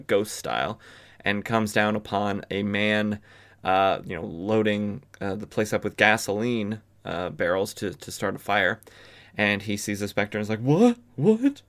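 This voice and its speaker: A man with a fairly low voice talks through an old comic book story for his podcast. His delivery is loose and conversational, peppered with filler words. He drops in wry asides along the way. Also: a bit bright, clear, resonant tone. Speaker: podcast host. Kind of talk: casual comic book recap.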